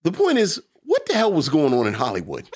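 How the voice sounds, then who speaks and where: Playful man with a lively voice. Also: a little high, fairly quick, husky. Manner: playful, joking, lively banter. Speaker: podcast co-host. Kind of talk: casual chat.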